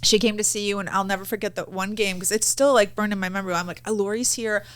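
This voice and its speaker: A woman's voice: medium pitch, steady tone, quick pace, fairly bright tone, smooth. A middle-aged woman, a mother on a family podcast, chatting and self-mocking with lots of "like". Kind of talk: casual family chat.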